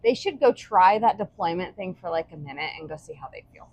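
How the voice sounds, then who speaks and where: A woman's voice: on the low side, expressive, fairly quick, a little mellow. American woman cohost reading stream chat, short dry replies. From United States. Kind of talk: casual livestream chat.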